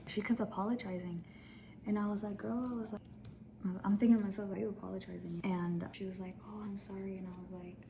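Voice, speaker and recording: A woman telling a storytime to her audience in a blunt, profane, animated way. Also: mid-range voice. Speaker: storytime vlogger. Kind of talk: casual storytime. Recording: background noise.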